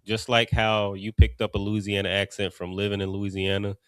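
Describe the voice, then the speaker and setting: Man, Ohio accent, low voice, relaxed class teacher, dry sound. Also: normal speed, smooth, no echo. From Cincinnati, Ohio. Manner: conversational, loose, many fillers and restarts. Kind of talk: casual teaching talk.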